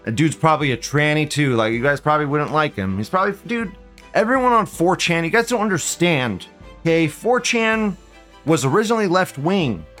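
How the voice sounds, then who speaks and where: A man's voice: fairly high pitch, animated, brisk, a bit bright, faint music behind. Profane rambling male stream host. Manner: profane, rambling, repeats himself. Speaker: livestream show host. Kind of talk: casual ranting monologue.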